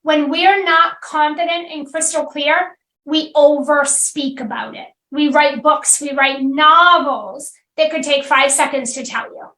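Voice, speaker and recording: High-voiced woman coaching with emphatic repetition. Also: steady tone, a little slow, sharp tone, roomy sound, rough recording. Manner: direct, emphatic, repeats phrases for stress. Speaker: podcast host and business coach. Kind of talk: solo podcast monologue.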